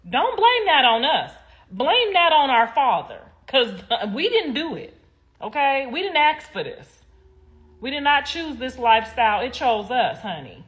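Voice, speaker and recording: A woman's voice: high voice, sing-song, unhurried, fairly bright tone. Blunt, sassy woman ranting on a livestream. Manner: blunt, swears freely, rambling and emphatic; sassy, talks straight to viewers. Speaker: livestream host. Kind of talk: casual livestream commentary.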